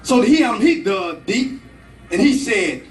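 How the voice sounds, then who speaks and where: A man giving a storytelling speech to a club, told in a dramatic, animated way. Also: high-pitched, moderate pace. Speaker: club speaker. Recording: echoey room, from far off, faint music.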